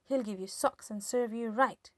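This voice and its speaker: A woman voicing a grumpy, scornful old grandmother who shouts and scoffs in a storybook reading. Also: on the high side, moderate pace, dry recording, clean studio sound, close to an everyday voice. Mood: scolding.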